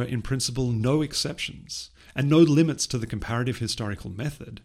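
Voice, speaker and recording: A man narrating a scripted educational episode in a measured lecturing manner with light humor. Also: medium pitch, creaky. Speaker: podcast host explaining linguistics history.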